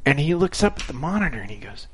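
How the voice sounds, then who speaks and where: A man in casual panel talk, recounting a production story with relish. His voice swings widely in pitch as he acts out colleagues' lines, and he keeps breaking into laughter. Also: quick pace, slightly rough. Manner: animated storyteller, acts out quotes, laughs often. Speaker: TV director.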